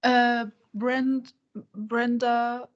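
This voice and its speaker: Hesitant female student, very slow and halting, somewhat high voice. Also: flat delivery, dull audio.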